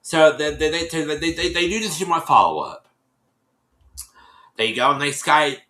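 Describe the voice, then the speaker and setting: A man chatting to his viewers in a bright, clear voice, retelling a show episode in a loose, rambling way. He circles back over his own words and slips into the voices of the people he quotes. The room around him rings with echo. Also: a little high, animated, normal speed. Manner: rambling, repeats and restarts, acts out quotes. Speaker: vlogger recapping a reality show.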